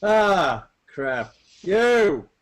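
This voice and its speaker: A man's voice: fairly high pitch, sing-song, very slow, full character voice. A man voicing a pompous, bossy lord who barks orders at his servants, talking over online voice chat. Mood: indignant. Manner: indignant barking orders. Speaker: lord of the manor.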